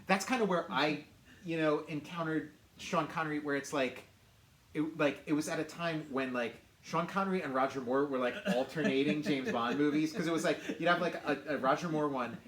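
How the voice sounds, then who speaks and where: A man's voice: on the high side, fairly quick, fairly bright tone. Middle-aged male co-host, loose rambling chat full of fillers, roomy recording with faint hiss. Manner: rambling, lots of "like" and restarts. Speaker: podcast co-host. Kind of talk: casual chat.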